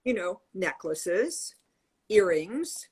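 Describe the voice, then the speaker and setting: A woman's voice: medium pitch, animated, extremely slow, a little mellow, breathy edge. A middle-aged woman hosting a show, chatting casually and demonstrating accessories as she talks. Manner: chatty, demonstrative, talks while showing items. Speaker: show host. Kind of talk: casual conversational style demonstration.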